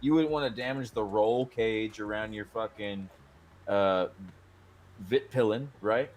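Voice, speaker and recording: Dude co-hosting a podcast, dry teasing tone, swears casually, regular voice. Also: male voice, on the low side, unhurried, darkish tone. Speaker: podcast co-host. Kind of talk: casual chat.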